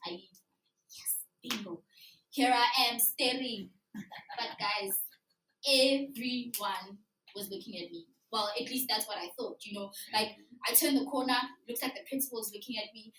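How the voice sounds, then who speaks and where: Young female storyteller, high-pitched and animated, performs her story live in a roomy hall. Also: moderate pace, a little hiss or hum. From South Africa. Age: young adult. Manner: animated, acts out her younger self and teacher. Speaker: student storyteller. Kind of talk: staged personal storytelling. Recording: echoey hall from far off.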